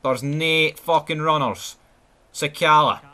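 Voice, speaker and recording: A man with a Scottish accent giving live, foul-mouthed gameplay commentary, swinging between excited yelling and glum muttering. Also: fairly high pitch, slow. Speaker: gaming channel host.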